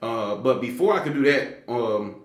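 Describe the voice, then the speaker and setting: A man telling a story in casual conversation, animated and slangy, with many fillers and restarts. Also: normal speed, echoey room. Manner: animated, acts out quoted people with big pitch jumps. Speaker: guest telling his story.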